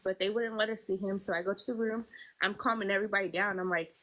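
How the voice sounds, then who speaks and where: A young woman telling a painful personal story as an interview guest, halting and emotional, with many fillers. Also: medium pitch, fairly even intonation, a bit bright, rough recording.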